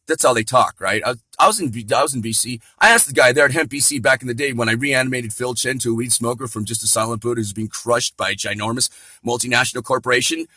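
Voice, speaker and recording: A man's voice: mid-range voice, fast, bright, forceful tone, dry recording, low-quality recording. A man hosting and doing a rambling, sardonic comic monologue. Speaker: comedian host.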